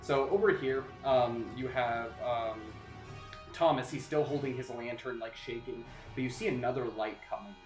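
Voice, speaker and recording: A man running a tabletop game as game master, narrating casually with many halting fillers. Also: mid-range voice. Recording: echoey room with faint music.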